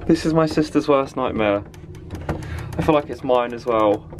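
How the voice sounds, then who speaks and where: A man vlogging on a solo road trip, gushing and excitable, talking into a phone on a tripod from his car and outdoors. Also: medium pitch, normal speed, music in the background. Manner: excitable and gushing, full of exclamations. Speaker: travel vlogger. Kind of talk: casual vlog talk to camera. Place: in a car and outdoors by roads and the seafront. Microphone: phone on a small tripod.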